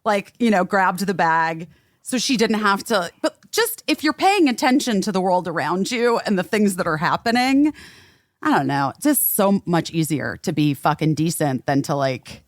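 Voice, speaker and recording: A woman telling stories in casual chat, animated and swearing easily, acting out what people said. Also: fairly low pitch, normal speed, no echo, clean studio sound.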